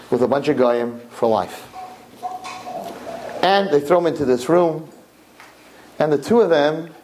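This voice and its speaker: A man teaching a Torah class, telling a story animatedly and mixing in Hebrew and Yiddish terms. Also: on the high side. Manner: animated, swinging from hushed to loud exclamations.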